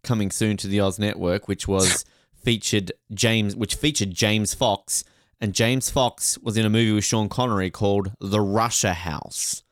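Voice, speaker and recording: A man's voice: lowish voice, unhurried, dry recording, clean studio sound. A man with an Australian accent co-hosting a podcast in casual chat, joking and laughing often. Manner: jokey, laughs often, animated asides. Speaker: podcast co-host.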